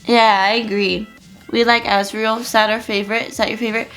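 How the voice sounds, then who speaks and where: A woman's voice: fairly high pitch, flat delivery, brisk, a bit bright, faint music behind. A young woman chatting casually in a reading vlog, gushing about a book with lots of fillers, tearful at times. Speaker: book vlogger.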